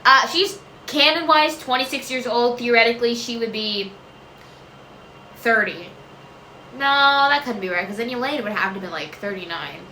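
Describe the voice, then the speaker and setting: A woman's voice: fairly high pitch, moderate pace, sharp tone, reverberant, a little hiss or hum, rough recording. A woman answering viewer questions in a casual chat, rambling, often losing track, correcting herself and laughing.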